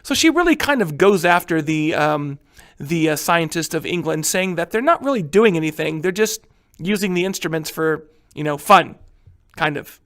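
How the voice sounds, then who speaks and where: High bright-voiced male history teacher. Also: lively intonation, moderate pace. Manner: casual, frequent fillers and check-ins. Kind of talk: recorded classroom lecture.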